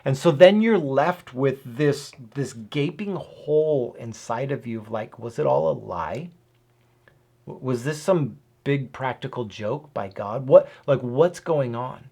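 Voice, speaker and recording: A man talks through scripture in a relaxed, conversational way, sipping whiskey as he goes. He is earnest and emphatic, and he keeps checking in with the listener through rhetorical questions and a quick "right?". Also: mid-range voice, vocal fry, husky. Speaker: host of a Bible and whiskey channel. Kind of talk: casual Bible teaching to camera.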